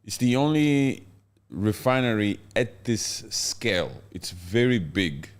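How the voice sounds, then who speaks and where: A man's voice: fairly low pitch, takes it slowly. A man hosting a live-stream podcast, talking casually and explaining the news to his co-host.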